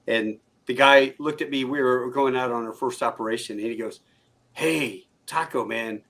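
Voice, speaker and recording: A man's voice: medium pitch, fairly quick. A man hosting a casual interview podcast, telling stories with laughter. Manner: lively storyteller, laughs often. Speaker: podcast host.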